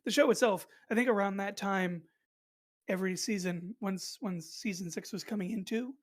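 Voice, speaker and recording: A woman's voice: mid-range voice, normal speed. Chatty podcast host woman, rambling. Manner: rambling, many fillers and restarts. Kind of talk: casual chat.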